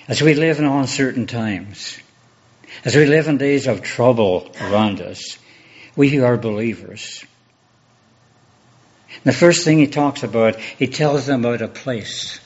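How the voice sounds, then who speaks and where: In dull audio, a man speaks as a pastor giving a sermon, earnest and measured, driving it forward through repeated rhetorical questions. His pitch sits in the medium range.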